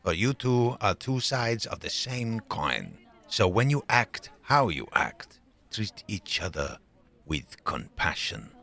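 Stern court astronomer, measured and commanding, animated delivery, played by a man. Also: fairly low pitch, vocal fry, exaggerated voice.

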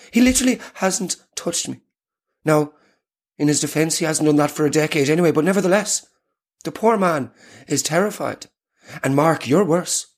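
A man's voice: fairly high pitch, slightly rough. A man with an Irish accent voicing a fussing, melodramatic middle-aged mother who scolds her family.

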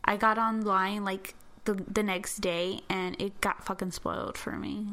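Slow-talking bright woman co-host. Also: medium pitch, steady tone. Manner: unhurried, giggly. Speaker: podcast co-host. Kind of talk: casual chat.

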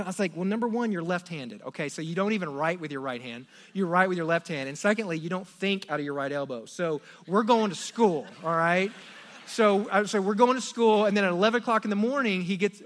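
A middle-aged pastor with a voice that sits high preaches a sermon, telling a family story. He swings animatedly from hushed asides to loud exclamations.

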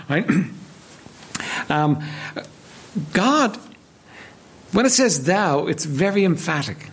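A man preaching a sermon with a gravelly, husky voice that sits fairly high for a man. His delivery swings widely in pitch as he reads scripture and then drives his points home through repetition. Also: sing-song, slow, pauses often, fairly bright tone. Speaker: pastor. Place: church.

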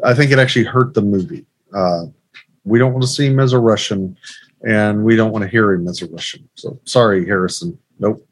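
A man's voice: lowish voice, brisk, no room sound. Hesitant male podcast co-host. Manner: hesitant, many fillers, trails off quietly. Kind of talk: casual chat.

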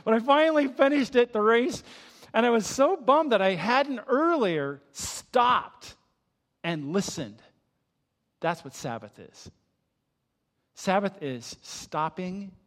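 Older pastor in an echoey hall. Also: male voice, a little high. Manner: storytelling, animated in the story, soft and hushed in prayer. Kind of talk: sermon. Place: church sanctuary.

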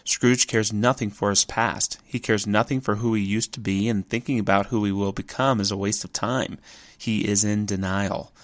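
A man's voice: fairly low pitch, steady tone, moderate pace, no echo. A man giving a reflective spoken essay, thoughtful and contemplative, who often poses rhetorical questions.

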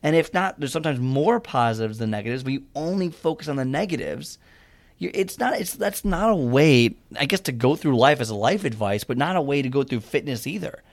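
A man's voice: mid-range voice, animated, brisk. A young man talking casually and earnestly about a fitness mindset, rambling and restarting his sentences as he gives advice. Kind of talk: casual motivational monologue.

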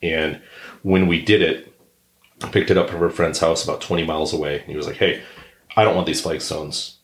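Deep-voiced man telling a story in a roomy space. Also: a little fast. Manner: animated anecdote teller who acts out others' yelling. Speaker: podcast co-host. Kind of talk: casual storytelling chat. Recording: roomy echo.

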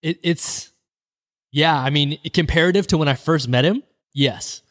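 A man's voice: fairly high pitch, measured pace, fairly bright tone. A man hosting a podcast, chatting in a laid-back way, laughing easily and calling his guest bro. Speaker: podcast host. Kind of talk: casual chat.

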